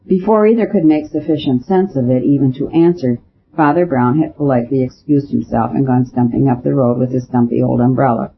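A man's voice: medium pitch, brisk, gravelly, slightly rough. Man narrating a storybook, dull recording. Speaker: audiobook narrator. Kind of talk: scripted narration. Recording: dull lo-fi with faint hiss.

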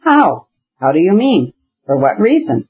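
Reader voicing a kindly, excitable nobleman, pitched up, husky, lo-fi audiobook. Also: normal speed. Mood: dismayed. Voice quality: emotional, pleading. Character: cheerful, kindly, excitable middle-aged nobleman. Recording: dull lo-fi recording.

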